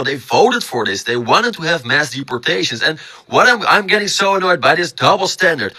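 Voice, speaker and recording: A man's voice: fairly high pitch, pushed and bright, breathy edge, low-quality recording. A man ranting in a casual, exasperated and emphatic way, repeating his points. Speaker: fellow streamer. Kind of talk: casual political rant.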